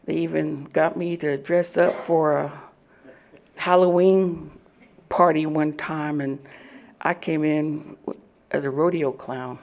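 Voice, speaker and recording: A woman giving an animated personal testimony at a recovery meeting, laughing often as she tells it. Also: sits low, slow pace. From Oklahoma.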